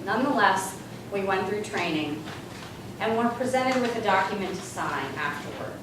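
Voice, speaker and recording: A woman's voice: medium pitch, moderate pace, very noisy. Woman telling a funny story in a hall. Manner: animated, comic timing. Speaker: guest speaker. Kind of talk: humorous storytelling speech. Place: large hall with live audience. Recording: echoey hall from far off. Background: room ambience and audience laughter.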